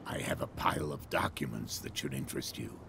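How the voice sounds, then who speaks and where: An actor playing a gruff old boat captain with a Boston accent and folksy sailor talk. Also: male voice, extremely low pitch, animated, a little fast, full character voice. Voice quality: gravelly. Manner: folksy, sailor's turns of phrase. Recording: game audio with clear noise.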